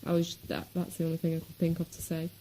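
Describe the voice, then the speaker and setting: A woman's voice: low voice, completely flat delivery, quick pace, mellow, a little hiss or hum, low-quality recording. A woman from Manchester with a Manchester accent, chatting casually in a rambling vlog with lots of ums. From Manchester, England. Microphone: webcam.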